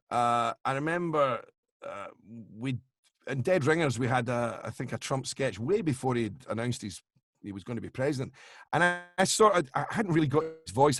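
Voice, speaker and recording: A man's voice: mid-range voice, no room sound, clean studio sound. A man, a voice actor and impressionist, chatting casually on a video call, trailing off and restarting as he talks. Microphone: video call microphone.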